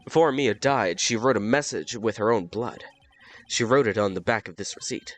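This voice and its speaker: A man's voice: lowish voice, moderate pace, fairly bright tone, faint music behind. A man reading a game's dialogue aloud, with chatty asides about his own voices and audio. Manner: chatty, self-commenting asides. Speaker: game narrator.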